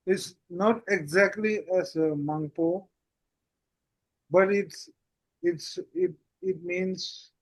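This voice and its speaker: A man teaching a language class in a relaxed way, often repeating "that's it" and "how goes it". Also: high-pitched, dry recording. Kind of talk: casual online language lesson.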